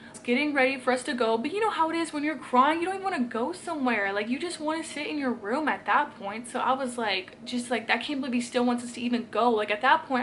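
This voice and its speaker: Young woman vlogger, higher voice, rambling emotional storyteller talking to her own camera. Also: fairly bright tone, slight background noise. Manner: rambling and emotional, heavy with filler words. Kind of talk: casual storytime vlog. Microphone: camera she films herself with.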